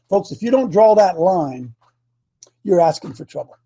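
A man's voice: high voice, expressive, normal speed, dark tone, husky. An older man hosting a talk show, speaking with fiery, preachy passion and repeating phrases for emphasis. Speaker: host. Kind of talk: impassioned political talk.

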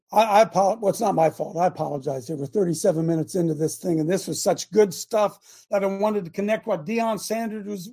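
Husky older man, fiery shouting preacher. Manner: impassioned, swings between yelling and low muttering. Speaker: host and preacher.

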